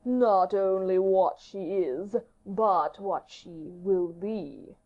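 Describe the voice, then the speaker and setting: Woman playing a smooth male courtier, slow and fawning, storybook reading, dull lo-fi sound. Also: mid-range voice. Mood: deferential. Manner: slow, measured, deferential. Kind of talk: audiobook character reading. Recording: dull lo-fi audiobook recording.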